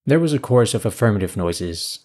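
A man narrating a science fiction story in a measured, even storytelling manner. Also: lowish voice.

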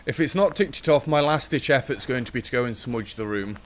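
A man narrates his solo horror game in a middle-pitched voice. He is jittery and joking, and he taunts the ghost between remarks. A faint hiss runs under the recording. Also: brisk. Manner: nervous, jokey running commentary, taunting the ghost. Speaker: gaming streamer.

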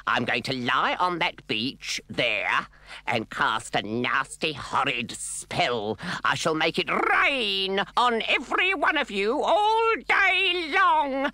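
A man voicing a nasty, bossy witch woman for a storybook record, speaking in a sharp, snappy, spiteful way. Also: sits high, very animated, slow pace, no room sound, voice pushed up, full character voice.

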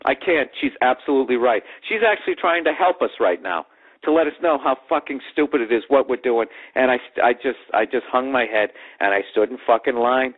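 A man's voice: medium pitch, animated, brisk, slightly rough. A man telling a profane comic story on his podcast, ranting and sarcastic, mimicking other people's voices. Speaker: comedy podcast host. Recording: tinny lo-fi podcast audio.

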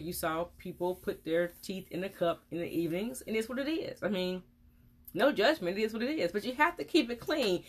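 A woman dentist, giving frank, chatty advice on a casual live stream. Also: mid-range voice.

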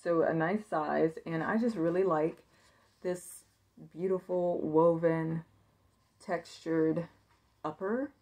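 A woman's voice: deep voice, steady tone, slow, long pauses, mellow. A woman chatting casually as she shows thrifted clothes she plans to resell, upbeat and thinking aloud with plenty of fillers. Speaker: thrift reseller showing a haul. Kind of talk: casual haul video chat.

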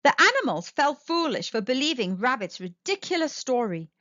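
A woman's voice: high voice, very animated, normal speed, fairly bright tone, no room sound, muffled recording. A woman host reading a children's storybook aloud in a sing-song storytelling manner.

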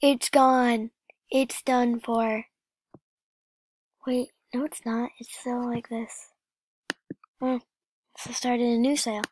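Slow, high-voiced whispery young woman. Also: little pitch movement, dry recording. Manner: often drops into a soft whisper. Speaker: gaming vlogger. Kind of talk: casual gameplay vlog commentary.

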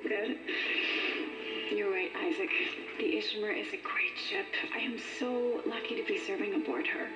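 A woman's voice: medium pitch, fairly even intonation, normal speed, lightly acted. An actress playing a young woman sending affectionate messages to her boyfriend. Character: young woman, the hero's girlfriend, on a video message. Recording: game audio with loud music and echo.

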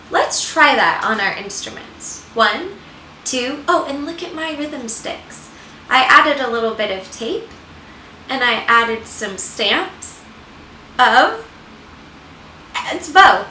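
A woman's voice: high-pitched, lively intonation, takes it slowly, pushed and bright, a little hiss or hum. A woman hosting a children's music lesson from home, talking patiently and directly to young children. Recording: roomy, distant, ukulele music behind. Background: ukulele playing.

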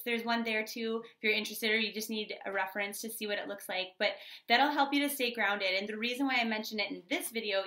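Woman, tarot reader, bubbly, chatty, bright tone, echoey room. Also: mid-range voice. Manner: bubbly, chatty, lots of fillers. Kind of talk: casual tarot reading vlog.

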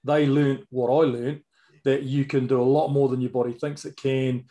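A man's voice: medium pitch, little pitch movement, moderate pace, dark tone. Blunt middle-aged New Zealand man. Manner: storytelling, blunt with stammered restarts. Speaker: podcast co-host, former personal trainer. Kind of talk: casual chat.

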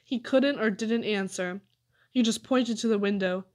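A woman narrating a children's story aloud with an expressive reading. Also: mid-range voice, unhurried. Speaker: audiobook reader.

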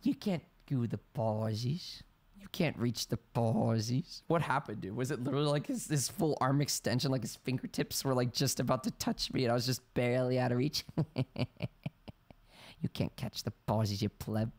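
A man doing excitable let's play commentary, shrieking high in panic, then rambling, joking and reading game text aloud. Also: moderate pace. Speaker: gameplay streamer. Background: game music.

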